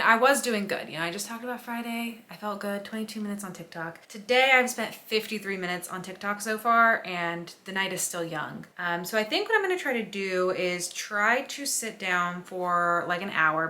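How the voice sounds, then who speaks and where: Bright, chatty young woman vlogging. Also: mid-range voice. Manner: chatty and excitable, rambling asides. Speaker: book vlogger. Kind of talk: casual vlog chat to camera.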